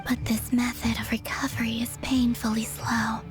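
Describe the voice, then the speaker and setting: Breathy whispered role-play, tired frost moon goddess, woman voicing her, kinda high, soft game music. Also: little pitch movement, lightly acted. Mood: solemn. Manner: solemn, sorrowful, measured.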